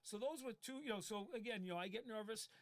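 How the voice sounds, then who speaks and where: A man's voice: high voice, quick pace, no echo. A man who owns a waste company, telling a rambling story in casual live-stream chat and acting out the people he quotes. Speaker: waste company owner, co-host.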